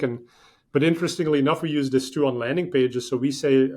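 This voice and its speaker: A man's voice: medium pitch, steady tone, fairly quick, darkish tone. A man being interviewed as a podcast guest, explaining ideas eagerly in a loose, rambling way with many fillers and restarts. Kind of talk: conversational interview.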